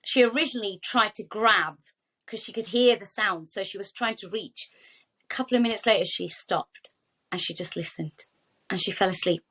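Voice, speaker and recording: A woman's voice: medium pitch, moderate pace. A woman speaks as a podcast guest about her charity work. She tells her stories with feeling and slips into other people's voices as she quotes them. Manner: animated, heartfelt storytelling with quoted dialogue. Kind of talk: podcast interview.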